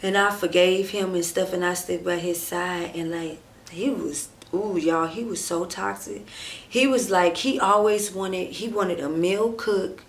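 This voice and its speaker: Chatty woman telling a storytime vlog. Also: fairly low pitch. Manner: animated, talks straight to viewers and acts out quoted dialogue; drawn-out fillers and frequent "like", "and stuff". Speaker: storytime vlogger. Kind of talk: casual storytime chat.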